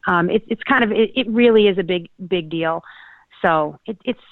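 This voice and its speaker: A woman from Connecticut co-hosting a talk show, speaking earnestly and haltingly with many restarts. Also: mid-range voice, no echo. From Connecticut, USA. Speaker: podcast co-host. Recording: tinny phone-like dry sound.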